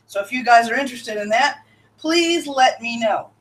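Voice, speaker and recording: A woman's voice: on the high side, animated, normal speed, distant mic, poor audio. A woman hosting a casual live-stream show, chatting, laughing often and answering her chat.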